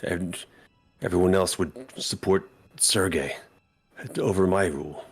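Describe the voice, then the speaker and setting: A man voicing a brooding vampire lord sliding into madness, halting and muttering. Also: low-pitched, fairly even intonation, breathy edge, faint music behind, heavily acted.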